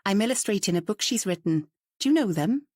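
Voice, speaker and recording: A woman's voice: medium pitch, lively intonation, fairly quick, a little mellow, no echo, clean studio sound, lightly acted. A woman voicing a curious, outspoken woman painter who talks in a chatty, forthright way, in a storybook reading.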